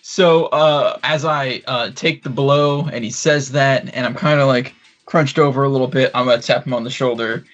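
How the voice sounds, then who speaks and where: A man's voice: medium pitch, fairly even intonation, normal speed, hardly any pauses, a bit bright, soft background music. A man playing a tabletop game, talking hesitantly with many fillers and laughs. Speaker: player. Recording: dull lo-fi recording.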